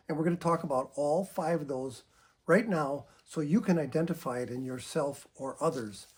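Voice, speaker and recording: A middle-aged man, a psychotherapist, giving a measured educational talk, often clearing his throat. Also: on the high side.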